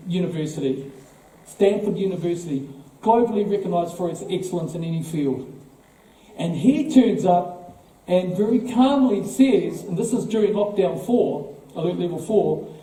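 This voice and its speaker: A man with a New Zealand accent addresses an audience, pressing his points with rhetorical questions and repeated words. His voice sits fairly high yet sounds very dark and mellow. It is recorded from a distance in a large hall with heavy echo. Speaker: political party speaker. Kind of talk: speech to a live audience. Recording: echoey hall, voice from far off.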